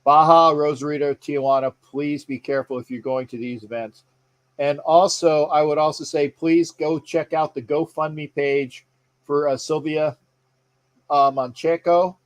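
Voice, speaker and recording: A rambling man hosting a live sports stream in a loose, chatty way. His voice sits a little on the high side, and he keeps breaking off to greet viewers and restart his sentences. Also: steady tone, unhurried. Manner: rambling, chatty, reads viewer comments aloud; frequent fillers and restarts. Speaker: sports show host. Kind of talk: casual live-stream chat.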